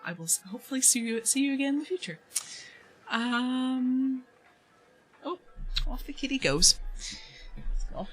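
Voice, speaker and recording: A woman live-streaming a game from home, with a bright, forceful voice. She chats loosely and giggles often, turning between her viewers and her pets. Faint music plays behind her. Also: sits high, expressive, measured pace, pauses often. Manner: chatty, giggly, talks to pets and chat. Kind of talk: casual live-stream chatter while playing.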